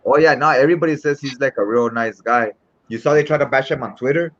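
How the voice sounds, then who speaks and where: Man, casual chat, animated storyteller, mid pitch, dull lo-fi recording. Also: fast. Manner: animated storyteller, acts out quotes. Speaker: podcast co-host. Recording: dull lo-fi sound.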